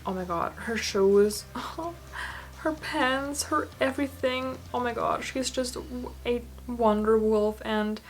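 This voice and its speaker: A woman's voice: fairly high pitch, slow pace. A young woman gushing and swearing casually as she reviews dolls in a casual vlog. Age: young adult. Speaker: doll collector vlogger.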